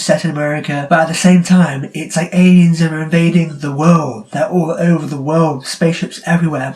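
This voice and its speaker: A man's voice: fairly high pitch, a little mellow. A man giving a casual spoken movie review, chatty and incredulous, often breaking into laughter. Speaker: film reviewer.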